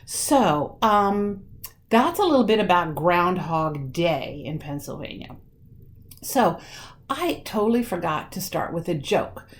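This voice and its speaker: A woman leading a children's craft lesson from home, explaining things slowly and warmly for kids, with many pauses and ums. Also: on the low side, very animated.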